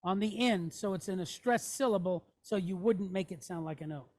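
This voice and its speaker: A woman's voice: medium pitch, normal speed, a little mellow. A woman teaching a classroom lesson, patiently walking through letters and checking in with her students. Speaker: Hebrew teacher.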